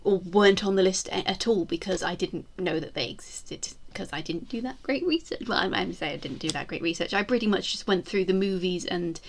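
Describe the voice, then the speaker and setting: A woman's voice: fairly low pitch, a little fast, few pauses, a little hiss or hum. Rambling, self-deprecating woman. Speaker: YouTuber ranking screen portrayals. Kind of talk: casual chat to camera.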